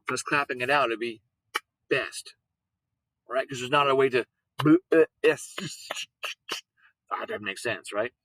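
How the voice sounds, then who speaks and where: A man teaching a lesson, patient, repeating words and sounding them out slowly. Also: mid-range voice, a bit bright, no room sound, poor audio. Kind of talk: recorded classroom lesson on syllables.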